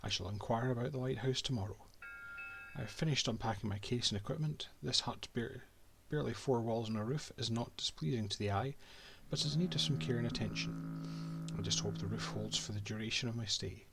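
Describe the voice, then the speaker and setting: A man's voice: mid-range voice, brisk, gravelly, a bit bright, a little hiss or hum. A Scottish man voicing a haughty male cartographer and reading his old-fashioned diary aloud from a game.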